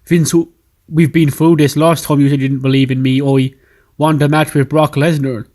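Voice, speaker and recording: An earnest young male wrestler pleads his case quickly and defensively, as a man puts him on. His voice stays close to an everyday tone. It's a casual game-recap voice. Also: on the high side, level tone, darkish tone, close to an everyday voice.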